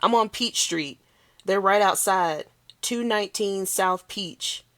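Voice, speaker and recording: A woman reading aloud, voicing a frantic male bystander who calls for help in panicked, shouted bursts. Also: mid-range voice, slow, no room sound. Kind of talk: read-aloud novel.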